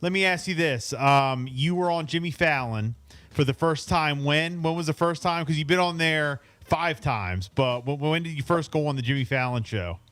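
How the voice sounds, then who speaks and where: A man hosting a casual radio interview, laughing easily and reacting with quick interjections. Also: fairly high pitch, a bit bright, no room sound. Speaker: radio host.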